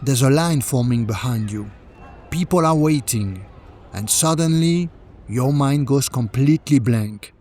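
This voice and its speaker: A man teaching travel French in calm scripted narration, modelling phrases slowly and clearly. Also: mid-range voice, a little hiss or hum.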